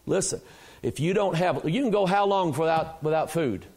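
High-voiced preacher asking questions. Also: male voice, moderate pace, a little mellow. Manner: emphatic, asks the congregation questions. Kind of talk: sermon. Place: church.

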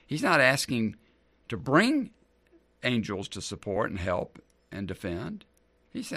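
A man's voice: medium pitch, huge pitch swings, a little slow, long pauses, pushed and bright, no echo. A man preaching a sermon as a pastor in an easygoing, conversational way, repeating key lines for emphasis.

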